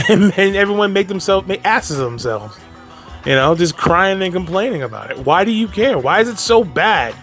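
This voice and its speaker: A man with a high voice rants in a loose, unscripted way, swearing freely and breaking into laughs. He trips over his words and starts sentences again. Faint music plays underneath. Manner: exasperated, profane, laughs often, repeats and restarts. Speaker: movie commentary vlogger. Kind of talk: casual ranting commentary.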